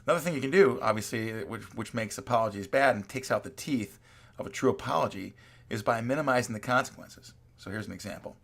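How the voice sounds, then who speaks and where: A man's voice: on the low side, fast talker, vocal fry, fairly bright tone. A man teaching a college class in a recorded lecture, talking in a conversational way, reading quoted examples aloud and often checking in with "right?".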